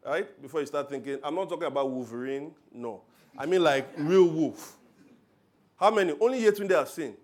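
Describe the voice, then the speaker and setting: A man preaching a sermon, telling stories with loud emphatic bursts and quiet asides. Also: fairly high pitch, moderate pace. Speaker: pastor.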